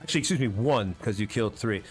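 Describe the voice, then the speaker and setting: A man's voice: fairly low pitch, lively intonation, fast talker, faint music behind. A man running a tabletop game as game master, casual and chatty, often correcting himself. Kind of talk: narrating a tabletop game over a video call.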